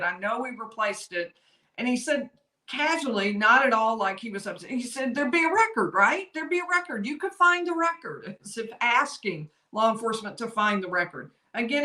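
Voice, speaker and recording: A woman's voice: mid-range voice, sharp tone. A woman giving chatty legal commentary on a live stream, laughing easily and apologizing for tech slips. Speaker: lawyer commentator. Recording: roomy echo.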